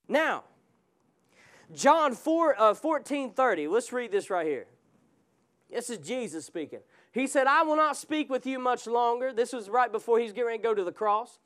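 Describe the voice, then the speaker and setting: Male pastor, very high voice, fervent sermon delivery with congregation call-outs. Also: lively intonation, unhurried, fairly bright tone. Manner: fervent preaching with call-and-response asides. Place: church sanctuary.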